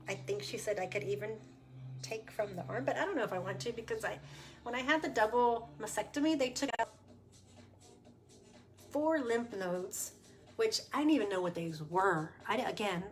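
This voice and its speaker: A woman speaking casually on a livestream, sharing her personal testimony in a candid, chatty way with fillers and quick laughs. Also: mid-range voice. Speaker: cancer survivor sharing her story. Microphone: webcam or phone on a livestream.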